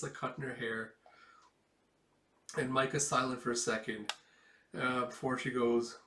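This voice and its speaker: A man's voice: medium pitch, steady tone, normal speed, long pauses, bright, forceful tone. Emotional man retelling a comic. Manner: emotional, filler-heavy retelling. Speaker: comic reader. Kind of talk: casual comic read-along. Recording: roomy, distant mic.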